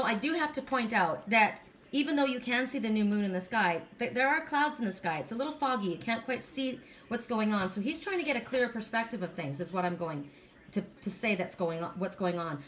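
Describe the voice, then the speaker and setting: A woman's voice: fairly high pitch, a bit bright. A middle-aged woman doing an oracle card reading, talking in a rambling, chatty, gushing way. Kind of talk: casual card reading monologue.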